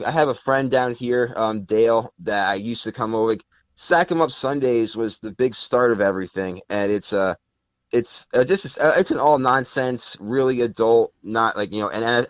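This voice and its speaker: A man's voice: lowish voice, dry recording. A man from Connecticut chatting as a podcast guest, rambling with many fillers and restarts. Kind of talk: casual interview chat. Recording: dull lo-fi sound.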